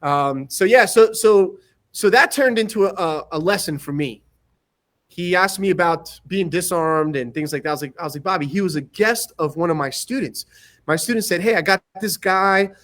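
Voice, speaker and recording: Laughing often, a martial arts instructor with a high voice tells a casual story as a podcast guest. His anecdote is animated, with quick impressions of the people in it and their lines acted out.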